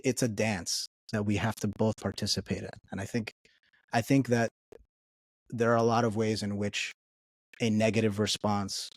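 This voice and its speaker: A man's voice: fairly low pitch, dry recording. A man speaking as an interview guest, talking earnestly and often checking in with "right?" as he explains his views. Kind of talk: conversational interview.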